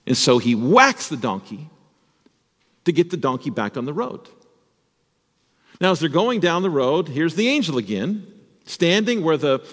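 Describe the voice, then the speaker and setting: A man's voice: mid-range voice, in a large hall. A man, a pastor, telling a Bible story as a children's sermon and asking the children questions. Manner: animated, addresses children with questions.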